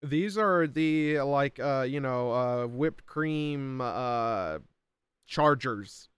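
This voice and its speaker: A man's voice: mid-range voice, drawn-out words, smooth, no room sound. A man streaming live and reacting to videos, talking casually with lots of fillers and plenty of swearing. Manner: rambling and profane, with frequent fillers. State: frustrated by buffering.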